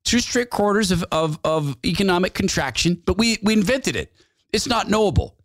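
A man's voice: high-pitched, lively intonation, moderate pace, no echo. A man hosting a talk radio show, delivering a sarcastic, mocking opinion monologue and laughing at his own jabs.

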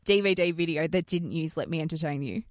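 A woman, co-hosting a radio show, playful and teasing and quick to cut in. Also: low voice, no room sound, studio quality. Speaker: radio co-host. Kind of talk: casual radio banter. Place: radio studio.

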